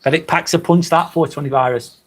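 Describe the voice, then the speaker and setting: A man's voice: fairly high pitch, steady tone, a little fast. A man with a Lancashire accent from Northwest England, hosting a live stream and chatting casually with his viewers, swearing freely. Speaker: livestream host. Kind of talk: live stream chat reading.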